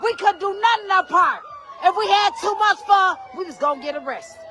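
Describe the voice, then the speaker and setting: A loud, rambling woman livestreams from a city street at night. Her voice sits high and swings wildly up and down. Sirens and a crowd fill the noisy street behind her. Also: animated, a little fast.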